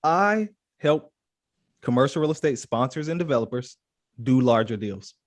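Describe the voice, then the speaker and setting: A man from the American South who is a guest on an interview show, speaking in a relaxed, plain way. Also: medium pitch, normal speed. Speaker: guest, capital advisor. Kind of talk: casual interview talk.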